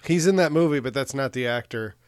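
A man's voice: medium pitch, a little fast, smooth, no echo. A man co-hosting a podcast, chatting casually about a movie in a rambling way and laughing often. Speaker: podcast co-host.

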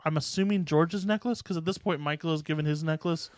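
A man co-hosting a podcast, recapping a film in a rambling, self-correcting, animated way. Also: fairly high pitch, quick pace, no echo. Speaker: podcast co-host. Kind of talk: casual chat.

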